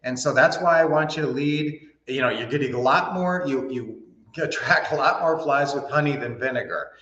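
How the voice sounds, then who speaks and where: A man's voice: medium pitch, normal speed, a bit bright. A man hosting a livestream, giving casual business advice in a folksy, rambling way with lots of fillers and restarts. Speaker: host. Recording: roomy, dull lo-fi sound.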